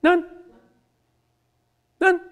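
A man's voice: extremely slow, a bit bright. A man preaching a conversational sermon, asking the congregation rhetorical questions and chuckling between points. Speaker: pastor.

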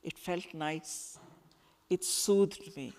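A woman author reading a passage of her novel aloud to a school audience in slow, expressive storytelling. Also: deep voice. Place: school event hall. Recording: echoey hall with long reverb.

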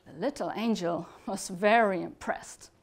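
A woman lecturer telling a fairytale at a conference talk, expressive and sometimes dropping to a whisper for effect. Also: medium pitch, unhurried. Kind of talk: storytelling to an audience.

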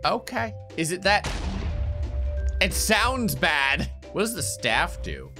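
Gravelly guy doing excitable game commentary, voice swings all over, kinda slow. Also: high voice, over music. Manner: excitable, yelps and laughs at chaos. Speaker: gaming YouTuber. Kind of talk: Minecraft let's play commentary.

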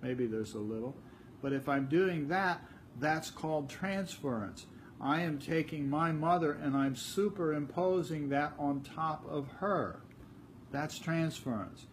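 A man's voice: on the high side, a little slow, a little hiss or hum. Older man giving a chatty spiritual talk. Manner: conversational, repeats words, acts out little dialogues. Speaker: spiritual teacher.

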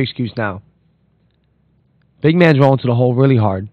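Animated man ranting about basketball. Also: mid-range voice, brisk, no room sound, muffled recording. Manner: animated, rants and calls out players directly. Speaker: podcast host. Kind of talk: casual sports commentary. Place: Florida.

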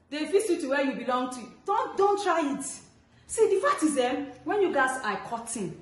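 A young Nigerian woman with a Nigerian English accent, chatting in a teasing, lively way as a family cooking vlogger in her home kitchen. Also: high voice, normal speed. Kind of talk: casual cooking vlog chat. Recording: echoey room with background noise.

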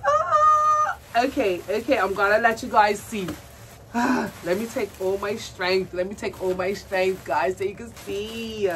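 A woman vlogs a doll unboxing, chatting to her audience with gushing squeals of delight. Her voice is medium in pitch, steady in tone and unhurried. It's recorded on a far-off mic with faint noise behind her.

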